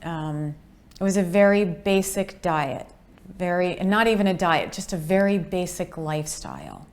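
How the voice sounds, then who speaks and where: Slow, earnest woman in her fifties. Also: fairly low pitch, sing-song, a little mellow. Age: 50s. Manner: earnest, unhurried, acts out quoted voices. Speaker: patient sharing her story. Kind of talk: testimonial interview.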